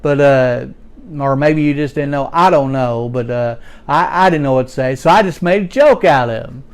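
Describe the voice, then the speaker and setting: A man's voice: medium pitch, moderate pace, clear, resonant tone, natural voice. A man, playing a folksy redneck working man in a rambling comedic monologue, stammering as he tells his story.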